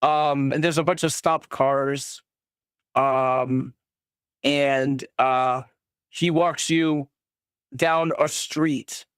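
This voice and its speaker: A game master narrating a tabletop game in a casual, halting way, with many fillers and quick voices for each character. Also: medium pitch, fairly even intonation, clear, resonant tone, no echo, clean studio sound.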